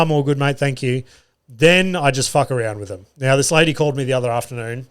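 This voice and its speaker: A man's voice: medium pitch, smooth. Australian male comic, solo podcast host, casual storyteller with a foul mouth and a self-deprecating streak. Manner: chatty, swears freely, self-mocking. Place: podcast studio.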